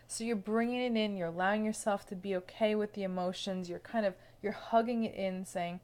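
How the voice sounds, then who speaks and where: A woman speaking as a self-love coach, explaining in a gentle, casual teaching manner and often checking in with the listener. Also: mid-range voice, normal speed, few pauses.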